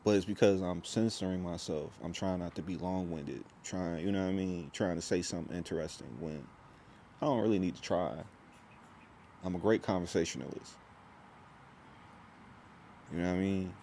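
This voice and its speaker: A man's voice: sits low, normal speed, long pauses, warm tone, a little hiss or hum. A young man talking to camera in a rambling, intense vlog monologue, full of restarts and slang. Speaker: vlogger.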